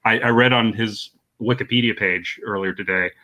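A man's voice: fairly low pitch, steady tone, moderate pace, bright, forceful tone. A man hosting a casual movie podcast, chatting and laughing as he recaps a plot. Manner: chatty, laughs often, acts out quotes. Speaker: podcast host.

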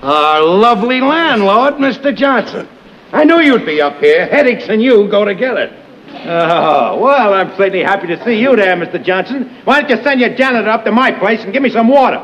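An actor playing a sarcastic, blustering middle-aged tenant in a 1950s TV sitcom, with mocking, theatrical sarcasm. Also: male voice, sits high, expressive, normal speed, a bit bright, a little hiss or hum, low-quality recording. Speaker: sitcom character.

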